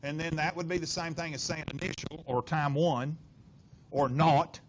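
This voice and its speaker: Middle-aged guy teaching physics, bit high voice, keeps quizzing the class, faint room hiss. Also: moderate pace, lo-fi sound. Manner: animated, lots of rhetorical questions and inflection. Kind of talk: classroom lecture working problems.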